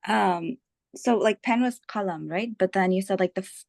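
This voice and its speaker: A woman's voice: mid-range voice, moderate pace, gravelly, a little mellow, no room sound, clean studio sound. A woman student joining the class online, asking a question hesitantly with many ums and likes. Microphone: joining remotely online.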